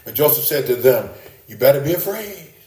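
A man preaching a sermon in an animated way, often rising high for emphasis and repeating his words. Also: a little fast, echoey room.

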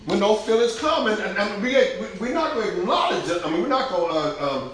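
A male pastor preaching with emphatic, colloquial repetition. His voice sits a touch high. The sermon rings through a very echoey church, with faint noise underneath. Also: lively intonation, fairly quick, a bit bright.

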